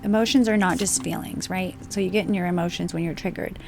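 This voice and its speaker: A woman giving an emphatic, unscripted spiritual monologue, stressing points with swearing and slow, deliberate phrasing. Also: lowish voice, fairly even intonation, vocal fry, a little mellow, faint music behind. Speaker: spiritual channel host.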